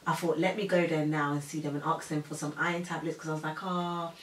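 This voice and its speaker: A young woman tells her story in a casual, animated way, slipping into other people's voices and laughing often. Her voice sits a little low. The room is echoey, and the mic is some distance from her. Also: quick pace, a little hiss or hum. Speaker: co-host telling her pregnancy story. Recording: roomy sound from a distant mic.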